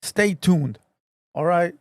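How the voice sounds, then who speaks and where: A man hosts a casual livestream podcast in rough, profane street slang, hyping up his crew with shout-outs. His voice sits high for a man. The sound is close and dry, with no room around it. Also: takes it slowly, no room sound. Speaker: podcast host.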